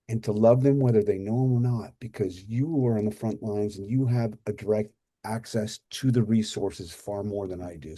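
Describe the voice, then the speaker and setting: A man's voice: on the low side, mellow. A man hosting a podcast, speaking earnestly and affectionately to his guest and listeners. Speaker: podcast host. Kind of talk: casual podcast chat.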